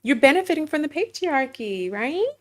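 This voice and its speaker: A woman's voice: high-pitched, big pitch swings, normal speed. A woman hosting an opinion commentary to camera, emphatic and sassy, firing off rhetorical questions. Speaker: host. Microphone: webcam while screen sharing.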